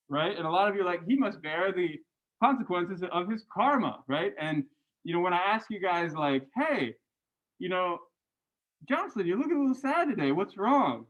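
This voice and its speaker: A man lecturing a university class and going over graded answers, animated and chatty, often adding "right?". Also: on the high side, poor audio. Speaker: university religious studies lecturer.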